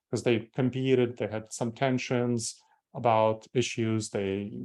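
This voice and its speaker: This Moldovan-accented corporate trainer in his forties has a warm, medium-pitched voice. Addressing company staff, he explains things step by step and emphasizes key terms by repeating them.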